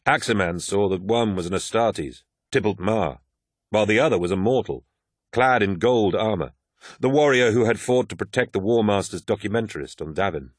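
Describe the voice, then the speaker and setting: A man reads a novel aloud as an audiobook in a steady, measured, scripted narration. His voice sits on the low side, and the studio-quality recording carries no room sound.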